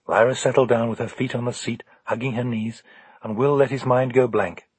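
A man narrating an audiobook in a calm, measured storytelling manner. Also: mid-range voice, slightly rough, no echo.

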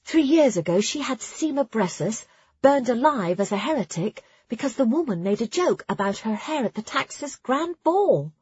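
A woman's voice: a little high, very animated, normal speed, hardly any pauses, slightly rough, no room sound, highs cut off, pitched above the performer's own voice, exaggerated voice. A woman voicing a knowing young girl novice who talks in a dry, hissing way. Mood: hushed.

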